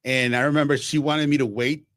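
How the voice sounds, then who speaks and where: Man from Mexico, radio guest storyteller, lively, dry studio sound. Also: medium pitch, a little fast, no room sound. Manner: animated, acts out quotes, frequent restarts. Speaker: Spanish-language baseball broadcaster, guest.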